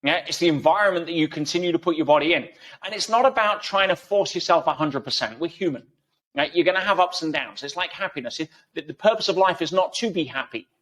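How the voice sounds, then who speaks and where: A man's voice: fairly high pitch, expressive, fast talker, fairly bright tone. A man guest in an interview, explaining ideas emphatically through everyday analogies. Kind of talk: conversational interview.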